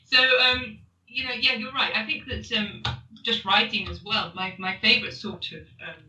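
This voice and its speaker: A woman talks films as a podcast guest, pausing often and restarting her thoughts. Her voice is very bright and sharp. It sounds distant, with a lot of room echo. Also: fairly high pitch, fairly even intonation. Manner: hesitant, many ums and restarts. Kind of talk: casual film discussion. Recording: distant roomy recording.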